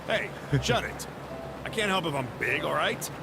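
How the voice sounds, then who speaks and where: An actor playing a big, gruff cop who speaks bluntly in a video game. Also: male voice, on the high side, lively intonation, moderate pace, heavy background noise. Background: game music.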